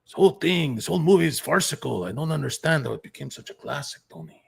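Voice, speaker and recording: A man putting on the voice of an exasperated male mob boss who nags and mocks a gangster in a raspy, gravelly tone. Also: on the high side, lively intonation, fast talker, pitched above the performer's own voice, exaggerated voice. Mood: scolding. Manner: nagging, mocking complaints.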